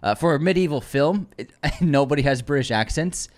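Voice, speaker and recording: A man's voice: a little high, lively intonation, a little fast. A man co-hosting a movie podcast, chatting at length and arguing his point with his co-host. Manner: talkative, defensive in friendly argument. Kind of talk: casual movie podcast chat.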